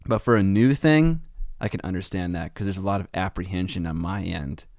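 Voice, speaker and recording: Male podcast co-host, lowish voice, relaxed chatty delivery, dry close mic. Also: fairly quick, vocal fry, no room sound. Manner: relaxed, chatty, filler-heavy with likes and ums. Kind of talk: casual podcast chat.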